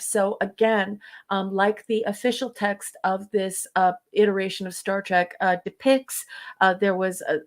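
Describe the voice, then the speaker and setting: Hesitant, affectionate podcast co-host woman. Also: medium pitch. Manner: affectionate, hesitant, many ums. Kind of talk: casual chat, cold reading a summary.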